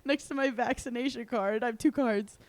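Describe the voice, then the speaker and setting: Giggly high-voiced woman telling a story. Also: a little fast, no echo. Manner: animated storyteller, acts out quotes, laughs often. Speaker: podcast co-host. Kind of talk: casual chat, storytelling.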